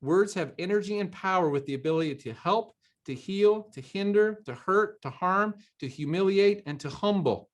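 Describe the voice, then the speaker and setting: A man's voice: high-pitched, normal speed, hardly any pauses. A man co-hosting a motivational talk show, speaking emphatically, quoting scripture and repeating phrases for emphasis. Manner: emphatic, preachy, quotes scripture.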